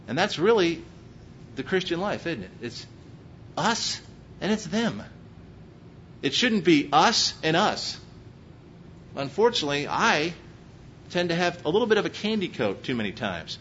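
Animated preacher, slight Texas twang. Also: male voice, normal speed. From Pennsylvania. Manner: animated and emphatic, with frequent rhetorical questions. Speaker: pastor. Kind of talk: sermon. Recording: muffled recording with faint low rumble.

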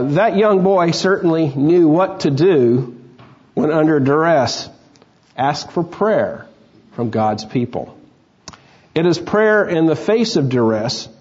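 A man preaching an expository sermon, explaining scripture in a measured, teacherly way. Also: fairly high pitch, a little mellow, lo-fi sound. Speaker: pastor.

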